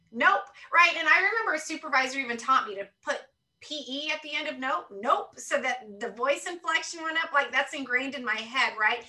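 A woman guesting on an interview podcast reflects earnestly, thinking aloud and often checking in with "right?" in conversational talk. Her high voice is pushed and bright, far from the mic, and the recording is rough.

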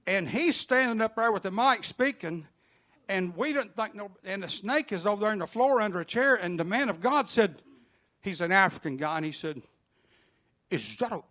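A man telling an animated, funny story to a church congregation. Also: high-pitched.

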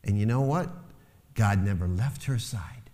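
A man's voice: fairly low pitch, unhurried, dark tone. A man preaching a sermon as pastor, lifting his voice to stress key phrases. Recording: long hall reverb.

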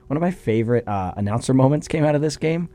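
A man's voice: medium pitch, lively intonation, fast talker, warm tone. Laid-back joking male co-host. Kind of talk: casual sports talk.

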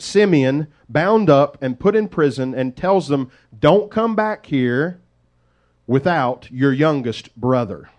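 A man preaching, retelling a story in a lively, conversational way with folksy asides. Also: fairly high pitch. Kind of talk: sermon storytelling.

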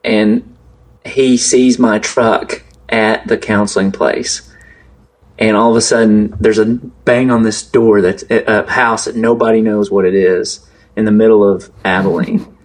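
A man's voice: fairly low pitch, level tone, measured pace. A man from West Texas, a pastor, telling stories in casual podcast chat with dry, self-deprecating humor.

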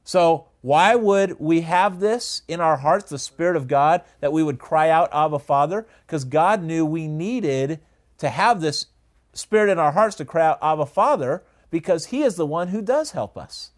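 A man teaching a Bible study in a conversational way, often asking the listeners questions and pausing on "uh". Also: fairly high pitch, animated. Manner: conversational, asks the audience questions, frequent uh fillers.

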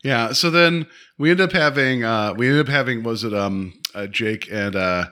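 A man co-hosting a podcast, recapping a movie in a rambling, animated way. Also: mid-range voice, moderate pace. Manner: rambling, animated, acts out scenes in character voices. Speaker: podcast co-host. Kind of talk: casual movie-review chat.

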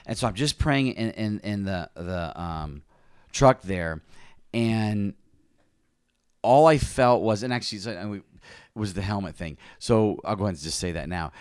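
Pastor, male, lowish voice, earnest confessional testimony, dry close sound. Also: brisk, no room sound. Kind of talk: personal testimony in conversation.

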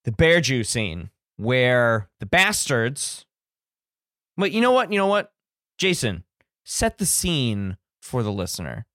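Slow-talking male podcast host. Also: mid-range voice, big pitch swings, a bit bright, no echo, clean studio sound. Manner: joking, hesitant, with restarts. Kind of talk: casual podcast chat.

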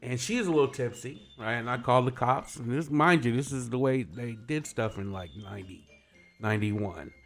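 A middle-aged man, a guest on a morning show, telling a story in casual chat. He is animated, laughs often and acts out what people said. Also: mid-range voice, moderate pace, faint music behind.

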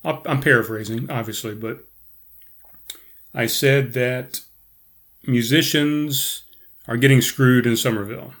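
Here a podcast host with a medium-pitched, fairly bright voice talks a little slowly, with long pauses. Livestreaming casually from home on headphones and camera, he rambles, self-corrects, and chuckles at his mistakes.

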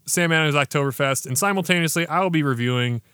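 Upbeat man hosting a beer podcast, a touch high and very bright, dry close mic. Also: quick pace, clean tone, dry recording. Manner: enthusiastic, slangy banter. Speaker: podcast host. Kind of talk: casual beer review chat.

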